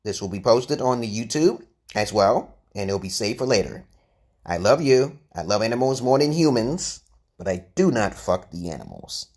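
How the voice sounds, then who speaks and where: A man's voice: fairly low pitch, expressive, moderate pace, a little mellow, breathy edge. A man hosting a casual live stream, lecturing in a rambling, self-assured way. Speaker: livestream host.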